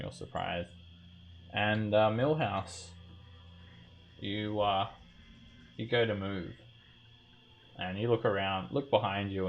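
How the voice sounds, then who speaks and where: A man with a low voice runs an online tabletop game as game master, narrating in a halting way with plenty of fillers and restarts. He speaks into a computer mic over a voice call, with a faint hiss behind him. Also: gravelly.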